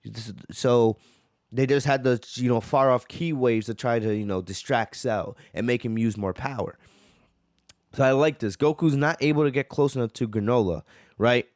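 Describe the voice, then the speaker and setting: A man's voice: medium pitch, normal speed, a little mellow, no echo, studio quality. A man hosting a manga reaction, talking eagerly and often checking in with "right?". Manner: eager, keeps asking "right?". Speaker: host.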